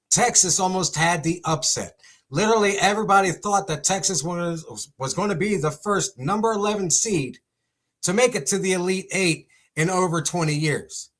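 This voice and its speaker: An excitable young man hosts a casual sports segment, full of exclamations. His voice sits a little on the high side. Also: a little slow.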